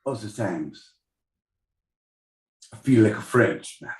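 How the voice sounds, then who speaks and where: A man co-hosting a live podcast banters, jokes and swears. His voice is low and slow with a lively, animated pitch, and it rings in a roomy, echoey space. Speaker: podcast co-host. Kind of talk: casual live-stream banter. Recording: echoey room.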